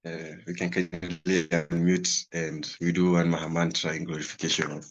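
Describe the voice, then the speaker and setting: A very deep-voiced man hosts an online class, his voice gravelly and husky. He speaks politely and haltingly over dull, lo-fi call audio. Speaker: session moderator.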